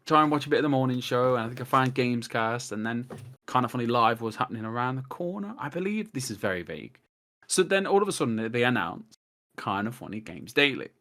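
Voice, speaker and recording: Man, podcast guest, casual chat, rambling storyteller, acts out quotes, medium pitch. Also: fairly bright tone.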